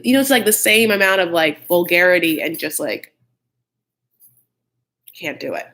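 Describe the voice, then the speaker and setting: A man's voice: sits high, lively intonation, moderate pace, long pauses, pushed and bright. A man hosting a live chat recap of a reality show, gossipy and blunt, with frequent "like" and mocking impressions of the cast.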